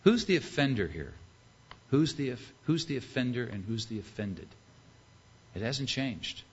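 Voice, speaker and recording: A man's voice: medium pitch, big pitch swings, a little slow, husky, muffled recording. A man preaching a sermon, reading scripture and acting out its characters with rhetorical questions.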